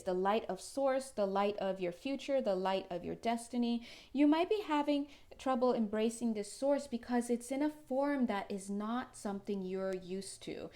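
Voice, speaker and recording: A woman's voice: fairly high pitch, dark tone. A woman doing a casual spiritual tarot reading to camera, chatty and rambling, laughing often and breaking off mid-thought. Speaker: tarot reader.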